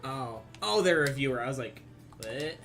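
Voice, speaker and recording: A cursing, laughing man with a Southern twang rambles through a casual gaming stream. His pitch sits mid-range for a man, and faint music plays underneath. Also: lively intonation, normal speed, a bit bright. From Southern United States.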